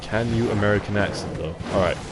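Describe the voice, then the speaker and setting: A man's voice: fairly low pitch, fast, heavy background noise. A young British man casually chatting on a live stream, reading viewer comments aloud and swearing freely. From Britain. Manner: relaxed, chatty, swears freely, laughs at chat. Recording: music playing in the background.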